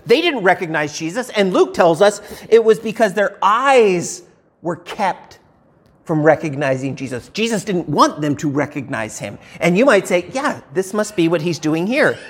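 A man preaches a sermon in a loose, conversational way, walking his listeners through a passage with question after question. His pitch rises and falls widely, and he often repeats words as he restarts a thought. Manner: animated, conversational Bible teaching with rhetorical questions.

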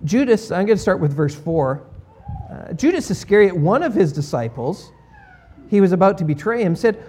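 A man's voice: sits high, expressive, moderate pace, darkish tone. A man preaching a sermon as pastor, telling the story with emphasis and a playful, sarcastic streak.

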